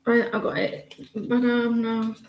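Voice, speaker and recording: A woman's voice: fairly high pitch, little pitch movement, a little slow, creaky, roomy sound, muffled recording, a little hiss or hum. A woman giving casual, teasing tarot readings on a live stream, chatting to viewers and laughing often.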